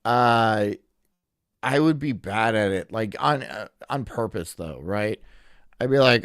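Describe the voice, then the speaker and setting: A man's voice: lowish voice, animated, slow pace, fairly bright tone, clean tone, dry recording, clean studio sound. A man hosting a live stream, chatting casually and mocking himself as he rambles and laughs at his own jokes. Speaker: streamer host. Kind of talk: casual live-stream chat reacting to a video.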